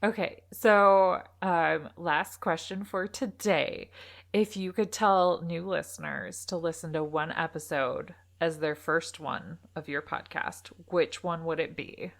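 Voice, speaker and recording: Podcast host: woman with an unhurried, gravelly voice who is encouraging. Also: low voice, steady tone. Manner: encouraging, short reactions. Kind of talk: casual interview chat.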